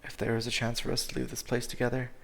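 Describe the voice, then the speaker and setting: A man voicing a big, gentle, furry male creature who protects his friend, speaking in a soft, halting, consoling way with a hushed, breathy whisper. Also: mid-range voice, completely flat delivery, a little hiss or hum, natural voice. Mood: somber.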